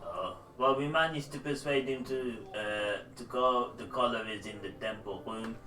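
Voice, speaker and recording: A man's voice: mid-range voice, sharp tone. A man playing a tabletop game, speaking hesitantly with restarts. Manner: hesitant, halting. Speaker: player. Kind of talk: tabletop role-play. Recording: echoey room, far from mic.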